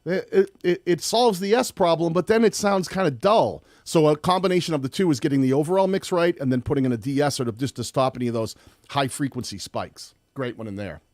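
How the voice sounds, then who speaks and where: A man's voice: a little high, fairly quick, a little mellow, no echo, studio quality. A man hosting a live-streamed audio tutorial, talking casually and rambling a little, with a slight lisp on his S sounds. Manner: chatty, rambling with restarts. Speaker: host.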